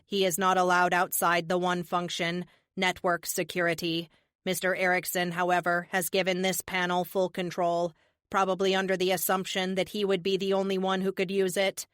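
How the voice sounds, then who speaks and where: A woman voicing a calm male AI assistant in an audiobook, speaking in a measured, formal and precise way. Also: lowish voice, clear, resonant tone, dry recording, clean studio sound, close to an everyday voice.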